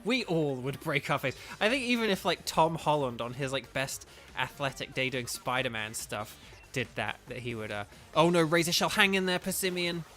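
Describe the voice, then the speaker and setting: A man commentating his own gameplay live, excitable and chatty, often exclaiming and speaking to chat. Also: a little high, moderate pace, faint music behind. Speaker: gaming video host.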